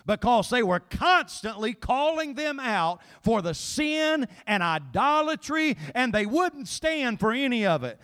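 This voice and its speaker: A male pastor, preaching a sermon that swings between quiet Bible reading and shouted, pleading appeals. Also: very high-pitched, clear, resonant tone.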